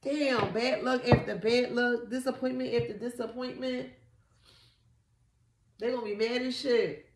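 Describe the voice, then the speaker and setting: A woman giving a casual tarot reading, animated and slangy, swearing often and repeating herself. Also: fairly high pitch, measured pace, pauses often, roomy sound, slight background noise. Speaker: tarot reader.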